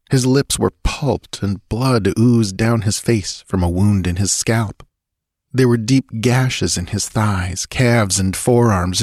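Man, audiobook narration, low pitch, measured delivery, dry close mic. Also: a little mellow, no echo. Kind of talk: scripted narration.

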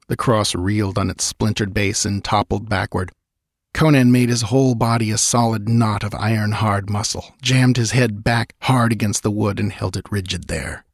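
A man narrating an adventure audiobook in a measured, dramatic way. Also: fairly low pitch, slightly rough, no echo, clean studio sound. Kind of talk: scripted narration.

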